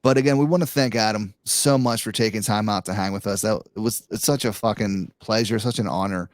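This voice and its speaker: A man hosts a casual podcast in a relaxed, agreeable way. His voice sits a little low. The sound is dry and close to the mic. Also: fairly quick, no room sound. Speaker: podcast host. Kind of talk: casual chat and show sign-off.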